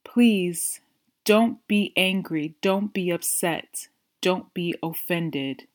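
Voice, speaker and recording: Woman host of a language-lesson podcast; slow, careful delivery, pitched a little low, repeats every phrase. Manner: slow and deliberate, repeats each phrase twice. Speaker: language teacher.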